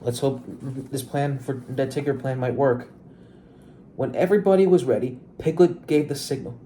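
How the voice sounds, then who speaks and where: A man reading a children's story aloud, halting and restarting words as he goes. His voice sits mid-range with a deeply dark, mellow tone, and a faint hiss runs underneath. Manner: halting, frequent stumbles and restarts. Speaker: read-along narrator.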